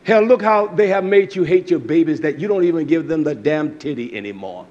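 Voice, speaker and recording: A middle-aged male preacher gives a fiery, crude sermon in a high voice. His pitch leaps about constantly as he swings between shouted bursts and low, muttered asides. He comes across as blunt and forceful. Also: animated, fairly quick, lo-fi sound.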